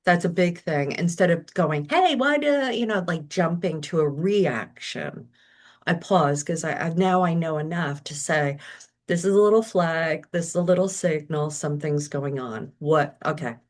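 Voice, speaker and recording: A woman's voice: low voice, moderate pace. A middle-aged woman talking as a podcast guest, reflective and acting out her own inner thoughts as she goes. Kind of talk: casual interview talk.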